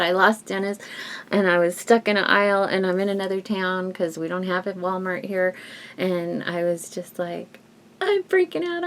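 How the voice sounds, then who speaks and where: A woman vlogger talking casually and emotionally to her viewers at home, rambling with restarts and soft laughs. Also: on the low side. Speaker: YouTube vlogger. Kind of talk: casual heartfelt talk to viewers.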